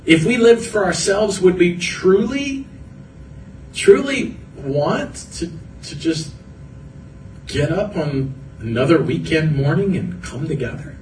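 A fairly high-voiced man preaches an earnest sermon, building his points through repeated phrases. He is picked up from some distance in a roomy, echoing hall, with a faint rumble underneath. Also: animated, takes it slowly, a little mellow. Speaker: pastor. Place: church hall.

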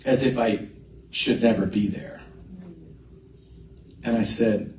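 A male pastor preaches to his congregation, animated in his storytelling. His voice comes from some distance off in a roomy, echoing hall with a faint hum of ambience behind. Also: lowish voice, takes it slowly, long pauses. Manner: animated storyteller, lively swings in loudness. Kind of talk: sermon storytelling. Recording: echoey hall mic from a distance.

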